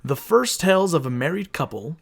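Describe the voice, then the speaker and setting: A man's voice: on the high side, very animated, normal speed, creaky, husky. A man co-hosting a comedy podcast, reading out a story from notes and then riffing casually, with swearing and laughter. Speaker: podcast co-host. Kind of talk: casual chat and reading stories.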